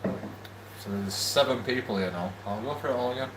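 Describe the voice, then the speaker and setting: A man's voice: mid-range voice, moderate pace, echoey room, noisy background. A man, drunk and angry, ranting rambling and swearing to camera in a vlog from a shared house. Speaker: YouTube channel host.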